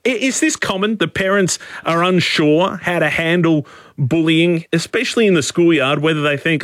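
Australian man, radio talk host, forceful, opinionated, dry close studio mic. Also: a little high, moderate pace, dry recording. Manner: forceful, emphatic, repeats points. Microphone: studio microphone.

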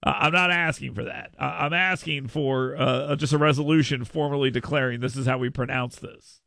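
A man's voice: mid-range voice, steady tone, normal speed, vocal fry, pushed and bright, no room sound. A man hosting a talk radio show, chatting playfully and making mock proclamations, with frequent restarts, on a studio mic. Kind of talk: casual talk radio banter. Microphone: studio microphone.

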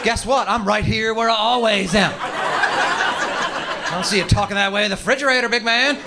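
A man's voice: high-pitched, moderate pace, heavy background noise, voice pushed up. A man voicing a mouthy, cocky male coffee table that taunts in swaggering trash talk. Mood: taunting.

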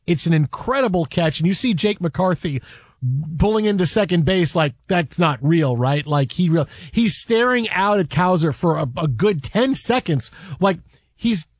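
A man hosting a casual sports chat, animated and rambling with restarts. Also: high-pitched, normal speed, no echo, studio quality. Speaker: sports podcast host.

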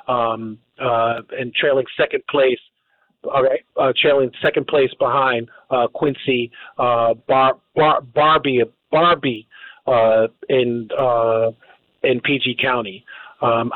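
Heard through narrow, phone-like radio audio in a dry recording, a medium-pitched man takes calls as host of a call-in show. He often trips over words and starts them again.

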